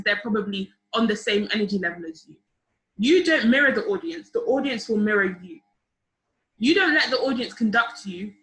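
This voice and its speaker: A young woman leading a public speaking workshop over a video call, lively and encouraging, often asking the group questions. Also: mid-range voice. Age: young adult. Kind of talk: online seminar teaching. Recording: roomy video call audio.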